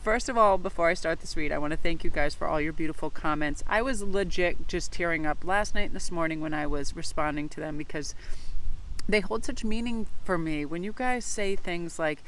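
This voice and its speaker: A woman's voice: lowish voice, brisk, a bit bright, slight background noise. A woman tarot reader talking casually to her viewers in a vlog, effusive and rambling with lots of fillers.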